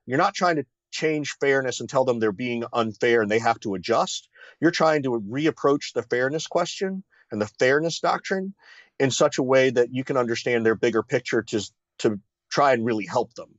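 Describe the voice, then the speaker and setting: A man's voice: mid-range voice, normal speed. A man guesting on an interview explains his ideas in a confident, teacherly way, tossing in rhetorical "right?" checks. His mid-range voice comes through slightly dull and lo-fi. The sound is dry, with no echo. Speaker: sales consultant, guest.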